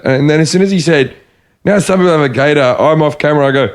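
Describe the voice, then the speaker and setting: A man's voice: a little high, lively intonation, a little fast. An Australian man, a comedian, telling anecdotes in casual chat with punchy bursts.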